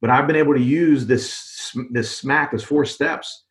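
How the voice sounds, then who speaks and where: A man's voice: mid-range voice, a little slow. Regular guy on a podcast telling a story, medium voice, keeps going "right?" and "you know". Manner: conversational, tags points with "right?" and "you know". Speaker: podcast guest. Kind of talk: casual storytelling interview.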